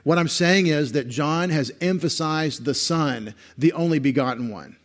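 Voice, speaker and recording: A man's voice: fairly high pitch, normal speed. A man preaching an expository sermon, patiently explaining Greek grammar and pointing things out on a screen like a teacher. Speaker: pastor.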